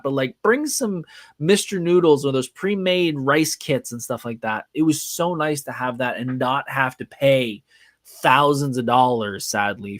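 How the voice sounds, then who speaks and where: A man's voice: mid-range voice, no echo, studio quality. A man hosting a live podcast, telling a rambling, chatty story with lots of fillers. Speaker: podcast host. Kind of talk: casual live podcast monologue. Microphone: podcast mic.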